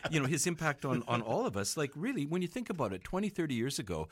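A middle-aged documentary filmmaker in a casual interview, talking enthusiastically with frequent restarts. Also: male voice, a little high, sing-song, fast talker, very noisy. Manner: enthusiastic, laughs often, many restarts.

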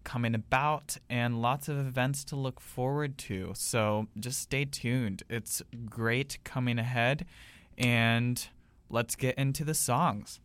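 A young man co-hosting a campus radio show in an easygoing, unhurried way. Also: mid-range voice, steady tone, fairly bright tone, clean tone, no room sound. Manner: easygoing, unhurried, laughs along. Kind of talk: casual radio chat. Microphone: studio microphone.

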